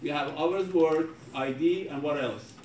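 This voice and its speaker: A man's voice: fairly high pitch, a little slow, darkish tone. A man lecturing a programming class in a non-native English accent, joking with students in broken English. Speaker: programming professor. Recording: echoey classroom from far off with noise.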